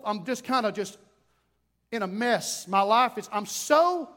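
A middle-aged man preaching a sermon as pastor, emphatic and repetitive, with quick self-talk asides. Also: extremely high pitch, a bit bright. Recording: long reverb in a hall.

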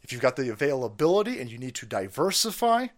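Foul-mouthed, animated ranting man. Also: mid-range voice, quick pace. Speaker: political stream host. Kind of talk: profane ranting commentary.

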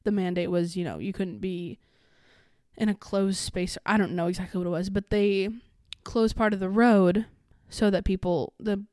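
Young adult woman, podcast host, casual rambling chat, lots of fillers, smooth clear voice, dry close sound. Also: mid-range voice, moderate pace, darkish tone, no echo. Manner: rambling, chatty, many fillers and restarts.

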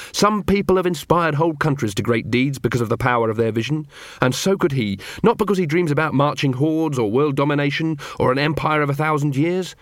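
A man narrating an audiobook in an expressive, lively reading voice. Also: a little high, no room sound, clean studio sound. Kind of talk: scripted narration.

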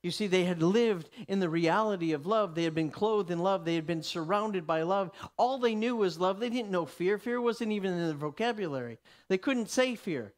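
A man's voice: sits high, normal speed, few pauses. Man, sermon teaching, emphatic, restarts phrases. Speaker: Bible teacher.

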